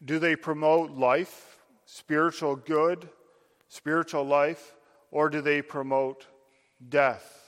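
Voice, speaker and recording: A man's voice: on the high side, little pitch movement, takes it slowly, a bit bright, long reverb tail. A man preaching a sermon, addressing his listeners directly with earnest, building emphasis.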